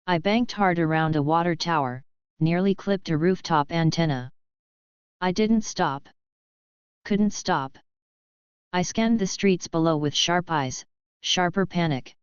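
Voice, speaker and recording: A woman reads a fanfiction audiobook at an unhurried pace in a low-set, very crisp voice. The sound is dry and a little dull and lo-fi, with no room around it. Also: dry recording. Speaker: audiobook narrator. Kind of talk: first-person fanfiction audiobook narration.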